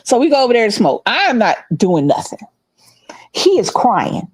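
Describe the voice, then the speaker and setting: A middle-aged woman telling a story in casual chat, animated and laughing, acting out the other people's voices. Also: fairly high pitch, moderate pace, breathy edge, no room sound. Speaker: podcast co-host.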